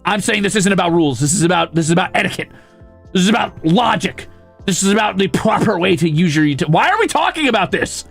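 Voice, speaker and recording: A young man streaming casually, reading viewer comments aloud and ranting with lots of swearing, flipping between outrage and mock calm. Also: high voice, fast talker, gravelly, husky, faint music behind. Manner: profane, excitable ranting that swings to mock calm.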